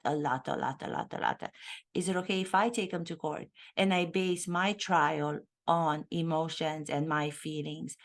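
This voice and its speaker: A woman from Romania, an acting coach, giving emphatic, sarcastic commentary in a vlog and repeating phrases for effect. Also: lowish voice.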